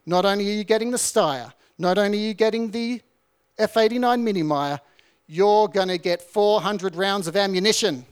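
A harsh army corporal, as a man puts him on, barks threats in a loud, taunting voice. He sounds menacing and bent on breaking a recruit. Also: high-pitched, smooth, lightly acted.

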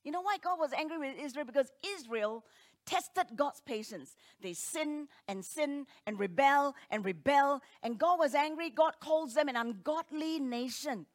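A woman preaching a sermon, talking emphatically with rhetorical questions and swinging between loud declarations and hushed asides. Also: high-pitched, animated, normal speed.

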